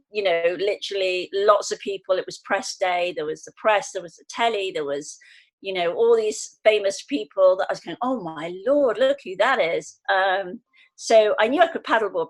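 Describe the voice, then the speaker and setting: A woman in her fifties from England, speaking as a guest on a conversational podcast. She tells her stories in an animated way and brings the people she quotes to life in her voice. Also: mid-range voice. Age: 50s.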